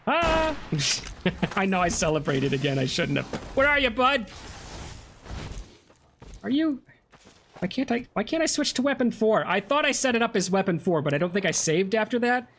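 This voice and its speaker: A chatty game streamer talks through the play with a lively, bouncing voice that swoops up and down. The commentary is casual and self-mocking, full of fillers and quick laughs at their own mistakes. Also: mid-range voice, slight background noise. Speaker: gameplay streamer.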